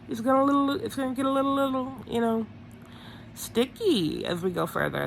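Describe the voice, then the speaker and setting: A woman's voice: fairly high pitch, big pitch swings, moderate pace, vocal fry, a little hiss or hum. A woman chatting casually through a TV episode recap, gossipy and full of "like"s, often correcting herself mid-sentence. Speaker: reality TV recap vlogger.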